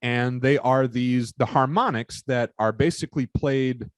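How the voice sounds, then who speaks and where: A man giving a recorded lecture, explaining in a halting way with many fillers and restarts. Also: medium pitch, clear, resonant tone, no echo.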